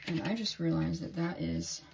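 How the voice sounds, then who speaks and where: A woman's voice: fairly low pitch, fairly even intonation, moderate pace, gravelly, darkish tone, a little hiss or hum. A woman doing a casual, candid tarot reading for her video diary, rambling and swearing freely as she talks to herself and her viewers. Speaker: tarot reader.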